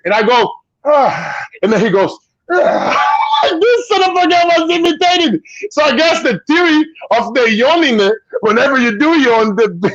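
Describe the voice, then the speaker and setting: A man from Brazil with a Brazilian Portuguese accent, chatting casually as a guest, an animated storyteller who swears casually and acts out voices. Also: very high voice, dry recording, lo-fi sound. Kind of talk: casual chat on a video call.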